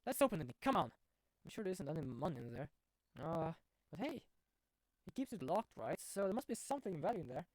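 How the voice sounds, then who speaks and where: A chatty, eager young girl sidekick in a video game, read by a man in a lightly raised voice. Her pitch bounces around and the sound is dry. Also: very animated, brisk, pauses often, no echo. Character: bubbly young woman sidekick, curious and chatty.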